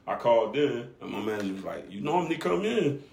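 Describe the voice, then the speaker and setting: A man's voice: mid-range voice, big pitch swings, fast, vocal fry, a little mellow. A man in casual podcast chat, laid-back and laughing as he quotes others. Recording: roomy room echo.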